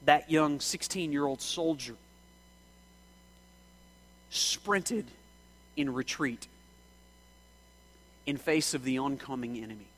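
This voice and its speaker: A man preaching a sermon with passion, his voice swinging from shouting to hushed and back. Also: medium pitch, measured pace, pauses often, rough recording.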